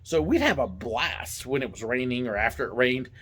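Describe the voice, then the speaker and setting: A man hosting a vlog, casually telling stories from his theme park job in a playful, animated way and acting out the voices. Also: mid-range voice, normal speed, slightly rough. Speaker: vlog host, former theme park ride driver. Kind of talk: casual storytelling.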